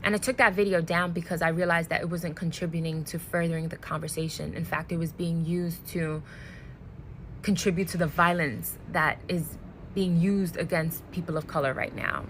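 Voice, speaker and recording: Woman, lowish voice, earnest and deliberate, worn out, direct-to-camera commentary. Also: fairly even intonation, slight background noise, rough recording. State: emotionally worn out. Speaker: social media creator.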